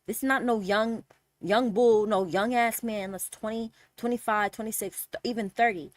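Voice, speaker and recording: A young woman streamer telling a casual story with animated, exasperated energy and lots of swearing. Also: a little high, moderate pace, no room sound.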